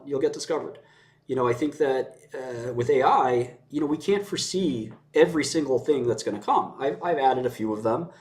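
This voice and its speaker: A man's voice: medium pitch, a little mellow. A man giving his views in casual conversation, blunt and sardonic, often laughing as he mocks. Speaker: commentator. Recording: roomy echo.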